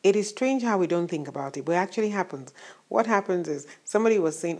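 A woman's voice: lowish voice, lively intonation, fast, darkish tone. A woman preaching a morning sermon in a conversational way, full of rhetorical questions. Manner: conversational, asks rhetorical questions, laughs at times.

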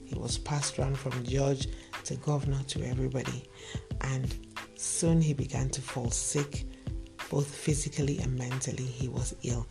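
Male storyteller, gravelly, earnest moral monologue over clear background music. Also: mid-range voice, flat delivery, normal speed. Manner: earnest, direct address to listeners. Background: music playing underneath.

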